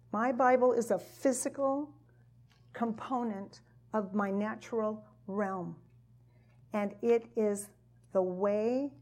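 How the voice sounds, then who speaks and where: A woman's voice: medium pitch, dark tone. A woman teaching a sermon to a gathered audience, emphatic and repeating her key phrases. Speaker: Bible teacher.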